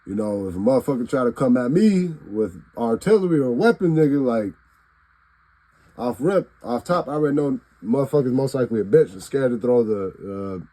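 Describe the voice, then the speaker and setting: A man's voice: medium pitch, animated, brisk, dark tone, low-quality recording. A man talking straight to his phone camera in a casual, profane, rambling rant, acting out what he would say to people. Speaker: vlogger.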